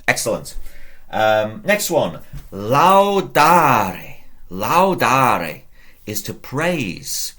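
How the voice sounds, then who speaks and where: Male Latin tutor, deep and unhurried, patient and encouraging, chants conjugations with a lift on the first form. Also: big pitch swings, a bit bright. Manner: patient, drills conjugations aloud with rising emphasis; encouraging, addresses viewers directly. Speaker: Latin teacher. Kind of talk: whiteboard lesson.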